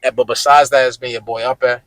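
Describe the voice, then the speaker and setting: A male podcast host who talks in an emphatic, slangy, casual way and turns often to address his listeners. His voice sits at an ordinary pitch for a man and sounds dry and close, with no room echo. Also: little pitch movement, fast, a bit bright.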